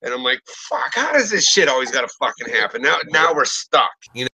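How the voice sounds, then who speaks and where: A man's voice: medium pitch, big pitch swings, brisk, sharp tone, slightly rough, poor audio. A man, telling a story in casual, profane talk and acting out what people said. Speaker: podcast host.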